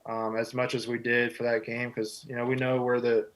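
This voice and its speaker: This is a young man in his twenties from Texas, chatting as a guest. He sounds modest and relaxed and keeps reaching for "you know" between thoughts. His voice sits at an ordinary middle pitch for a man. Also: moderate pace, rough recording. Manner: easygoing, humble, heavy on "you know" fillers. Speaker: guest, football quarterback. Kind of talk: casual interview answers.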